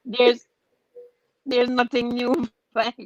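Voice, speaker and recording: Woman guest, relaxed, dry and muffled video-call sound. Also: fairly high pitch, slow, no room sound. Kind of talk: casual chat on a video call.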